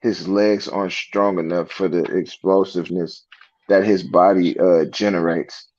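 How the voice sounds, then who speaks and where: A man's voice: sits low, steady tone, unhurried, a little mellow, highs cut off. A man talking casual sports as a co-host, laid-back and full of slang. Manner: laid-back slang, says bro a lot.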